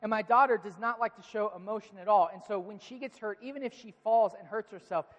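A man in his thirties preaching a sermon, telling stories about his children and acting out their lines with animated voices. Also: high voice, fast talker, lo-fi sound. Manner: storytelling, animated when quoting his kids. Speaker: pastor. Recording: long reverb of a large hall.

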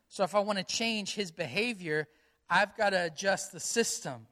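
A male pastor delivers a sermon in a high, bright, forward voice. He sounds earnest and conversational, drawing on stories from his own family. He drives his points home by repeating key phrases. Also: moderate pace.

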